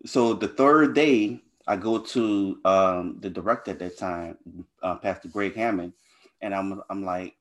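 Deep-voiced man telling his story. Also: measured pace. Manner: earnest storytelling, casual phrasing. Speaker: interview guest. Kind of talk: personal testimony in conversation.

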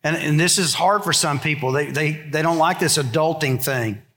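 A man preaches a sermon from the pulpit. His voice sits a bit high, and he talks like he's telling a story to friends, then sinks low and quiet when he makes his serious points. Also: moderate pace. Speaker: pastor.

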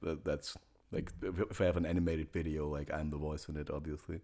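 A man's voice: rumbling low, level tone, a little fast, gravelly, warm tone. A man from Russia, a guest in casual podcast chat, hesitant with many fillers. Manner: hesitant, many fillers and restarts, laughs at own jokes.

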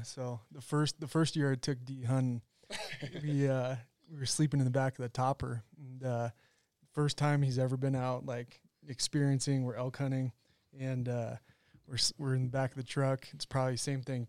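A man's voice: mid-range voice, little pitch movement, moderate pace, darkish tone, dry recording. A man, a podcast guest chatting casually and laughing as he tells a story. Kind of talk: casual chat.

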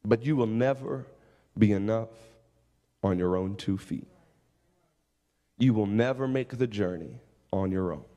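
A man's voice: fairly low pitch, a little slow, long pauses, warm tone, big-room sound, highs cut off. A man preaching a sermon in a church, asking searching, pleading questions and repeating his first words as he moves into an altar-call prayer. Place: church sanctuary with congregation.

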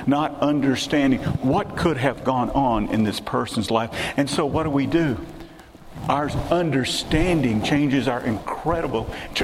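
Older preacher, chatty sermon, lots of questions to the crowd, echoey hall, hiss behind. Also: male voice, mid-range voice. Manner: conversational, asks the congregation rhetorical questions.

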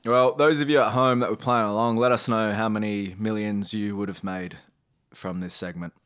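A man's voice: lowish voice, fairly even intonation, moderate pace, fairly bright tone, clean tone. A young man co-hosting a podcast, running a quiz with casual banter and laughing often as he teases. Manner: laughs often while teasing.

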